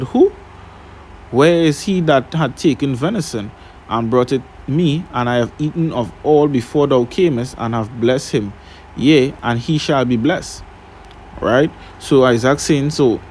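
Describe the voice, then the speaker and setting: A man's voice: mid-range voice, measured pace, a little hiss or hum. A man reading scripture aloud and retelling it in plain words, often checking with "right?". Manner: reads scripture then retells it in casual Caribbean-style English, asking "right?". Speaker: Bible teacher. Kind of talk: Bible reading and teaching.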